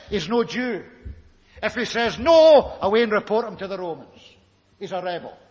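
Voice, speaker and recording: A man preaching a sermon, telling the story dramatically and firing rhetorical questions at his listeners. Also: high voice. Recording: echoey hall, dull lo-fi recording.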